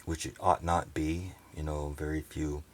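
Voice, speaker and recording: A man's voice: extremely low pitch, little pitch movement, measured pace. A man ranting profanely and rambling indignantly on a sailboat, into a camera he has set down. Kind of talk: casual vlog rant. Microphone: handheld camera set down nearby.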